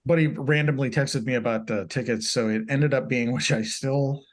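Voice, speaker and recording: A man's voice: mid-range voice, fairly even intonation, normal speed. A man co-hosting a casual podcast chat, wry and joking at his own expense. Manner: wry, joking, self-deprecating. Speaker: podcast co-host.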